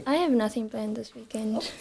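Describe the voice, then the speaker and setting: A young woman co-hosting a casual podcast, reading a story aloud in a relaxed way and stumbling now and then. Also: fairly high pitch, a little slow, gravelly, crowd noise. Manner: relaxed, stumbles over words while reading.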